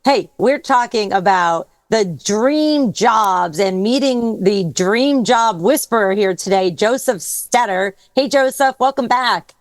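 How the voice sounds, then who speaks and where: A woman's voice: mid-range voice, animated, slow, hardly any pauses, no room sound. Podcast host lady, upbeat and friendly, dry mic. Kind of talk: podcast interview.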